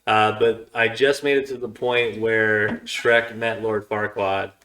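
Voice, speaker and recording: A man's voice: on the low side, little pitch movement, slow, pushed and bright, far from the mic. A young man co-hosting a podcast, chatting casually and retelling scenes in a laid-back, meandering way. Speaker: podcast co-host. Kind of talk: casual chat. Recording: echoey studio room.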